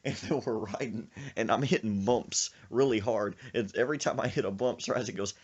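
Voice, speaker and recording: A man hosting a podcast, telling a comic story in an animated way and acting out the voices in it. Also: on the low side, normal speed, husky, lo-fi sound. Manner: animated, acts out the voices he tells about. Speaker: podcast host.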